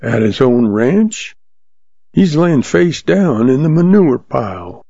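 A man doing a mild, slow-talking cowboy, pitched up. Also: big pitch swings, creaky, mellow, husky, no echo, dull audio, heavily acted. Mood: calm. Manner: slow, plain-spoken drawl.

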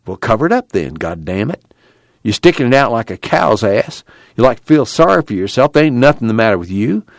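A man doing a gruff, impatient tough guy. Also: mid-range voice, very animated, a little fast, no echo. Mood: blunt. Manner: gruff, blunt scolding.

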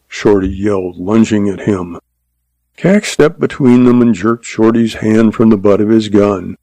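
A man reading a Western novel aloud as narrator in an even, unhurried way. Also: fairly low pitch, no room sound. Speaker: audiobook narrator.

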